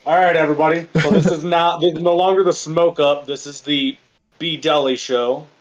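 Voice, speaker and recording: A man's voice: fairly high pitch, steady tone, normal speed, highs cut off, voice pushed up, natural voice. A man putting on the voice of a smug male podcast host, announcing in a mock-grand, pompous way as a joke. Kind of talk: joking put-on show-host voice.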